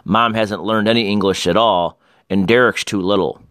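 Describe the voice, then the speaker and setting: A man voicing a shy, gentle young girl who talks softly in a storybook reading. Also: fairly low pitch, fairly even intonation, moderate pace, no echo, clean studio sound, lightly acted. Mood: confiding. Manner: soft, gentle.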